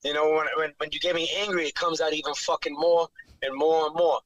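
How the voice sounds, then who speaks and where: A brash, profane man with a thick New York accent, speaking as a fighter on a podcast. His voice sits high and bright, with a forceful edge. The sound is close and dry, with no room in it. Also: level tone, a little fast, dry recording, lo-fi sound. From New York City. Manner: brash, profane trash talk. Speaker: bare knuckle fighter, guest. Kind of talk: casual podcast interview.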